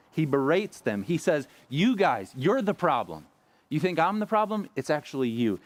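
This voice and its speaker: A man's voice: mid-range voice, no echo. A pastor in his thirties giving a conversational sermon, acting out the quoted voices with feeling. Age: 30s. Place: church sanctuary.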